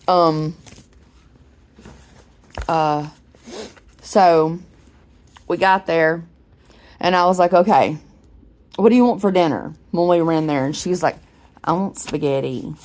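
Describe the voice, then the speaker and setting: A woman, telling a rambling story in a casual vlog while unwell. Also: low-pitched. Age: 40s. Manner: rambling, chatty, with frequent restarts. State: unwell, clearing throat. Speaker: vlogger.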